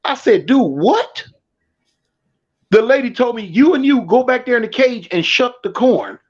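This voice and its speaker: Californian man, high voice, animated storyteller who laughs and plays every character, muffled stream sound. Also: unhurried. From Southern California. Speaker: storyteller guest. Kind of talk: casual storytelling. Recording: dull lo-fi stream audio.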